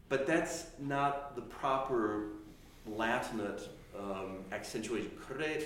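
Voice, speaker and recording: A man's voice: mid-range voice, big pitch swings. A man teaching a class on chant, explaining step by step with frequent restarts and sung or spoken examples. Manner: explanatory, halting with restarts, demonstrates phrases by singing and speaking. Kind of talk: classroom lecture. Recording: very echoey room with faint noise.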